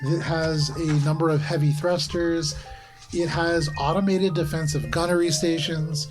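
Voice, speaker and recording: A man's voice: on the high side, steady tone, measured pace, rough recording. Casual male game master over music. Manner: descriptive, casual, with fillers. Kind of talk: narrating a tabletop game. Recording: background music.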